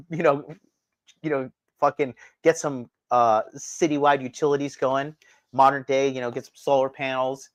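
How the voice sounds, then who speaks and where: On a dry recording, a livestream host with a mid-range voice speaks directly to his chat in a profane, combative rant.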